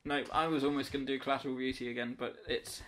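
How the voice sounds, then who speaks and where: A man's voice: medium pitch, level tone, quick pace, a bit bright. A man co-hosting a film podcast, chatting casually, often hesitant and a bit confused. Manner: hesitant, easily confused, laughing along. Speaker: podcast co-host. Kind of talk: casual chat.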